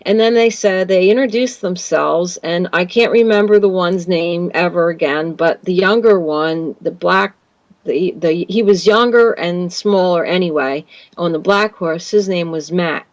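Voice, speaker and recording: A woman's voice: lowish voice, unhurried, dry recording, muffled recording. A woman guest telling a long personal story in an interview, rambling with fillers and restarts.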